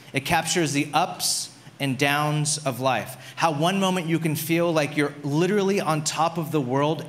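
A man's voice: a little high, a bit bright. Storytelling pastor, a man. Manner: conversational storytelling with many "like"s. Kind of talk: sermon.

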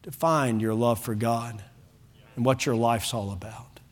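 A man preaches in church with a middle-pitched voice, speaking to the congregation in front of him. He is fervent and rises to loud, pleading calls at the high points of the sermon. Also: unhurried. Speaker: pastor.

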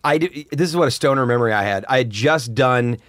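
A middle-aged man, a podcast guest, telling animated stories in casual chat and swearing freely. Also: mid-range voice, quick pace, dry recording, studio quality.

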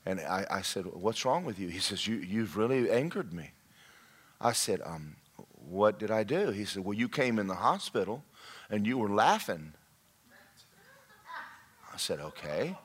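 A man preaching a humorous sermon, shouting his punchlines. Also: lowish voice, very animated, normal speed, pauses often, slightly rough. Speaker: pastor. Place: church sanctuary.

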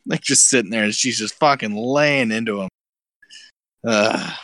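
A man's voice: fairly low pitch, measured pace, a bit bright, no room sound. A man co-hosting a podcast, telling crude, swear-laden stories in casual chat and laughing often. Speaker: podcast co-host.

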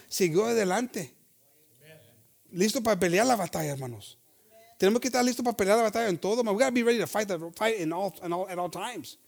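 Bilingual pastor, high-pitched man, code-switching sermon, reads scripture slowly. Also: vocal fry. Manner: switches between English and Spanish, often calls out "hermanos".

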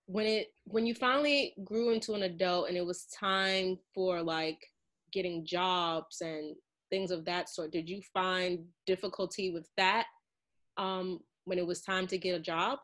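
Low-pitched female podcast host, casual, filler-heavy questioning. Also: fairly even intonation, a little slow, fairly bright tone. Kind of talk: casual interview.

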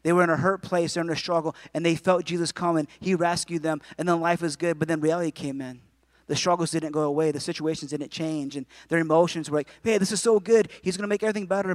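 A man's voice: a little high, gravelly, no room sound. A man in his forties preaching a sermon in a conversational way, with jokes and asides to the congregation. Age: 40s. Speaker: pastor.

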